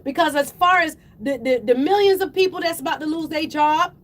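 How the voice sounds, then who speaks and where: A woman hosting a call-in radio show, delivering impassioned, preachy commentary that swells toward yelling. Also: high voice, fairly quick. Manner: fiery, preachy, rising to yelling then apologizing. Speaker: radio talk show host.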